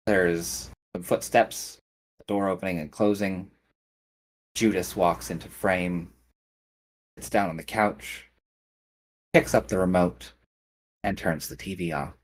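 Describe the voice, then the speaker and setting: Man, game master, slow storytelling, tabletop game narration. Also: low voice, steady tone.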